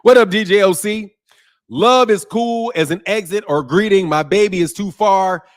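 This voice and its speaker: A man with a high voice hosts a boxing livestream and chats casually with his viewers. He is from Chicago and talks in loose, slang-heavy bursts. He laughs a lot and mimics the greetings of different cities. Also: moderate pace. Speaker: boxing channel host.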